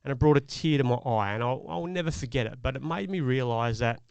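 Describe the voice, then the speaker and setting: A man's voice: medium pitch, expressive, quick pace, vocal fry, darkish tone, smooth, dry recording. Man, middle-aged, earnest reflective storytelling, casual podcast chat, resonant voice. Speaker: podcast co-host.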